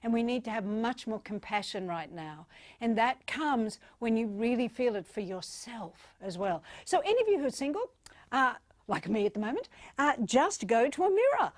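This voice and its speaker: A woman speaking as a keynote speaker, giving a playful, animated motivational talk and acting out little voices. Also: a little high, moderate pace, no echo, clean studio sound.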